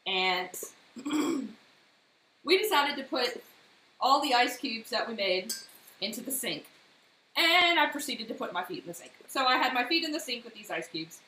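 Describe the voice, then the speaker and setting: In an echoey home kitchen with faint noise, a woman streams a casual baking demo, pausing often while talking at normal speed in a slightly high voice. She chats and tells lively personal stories between the instructions.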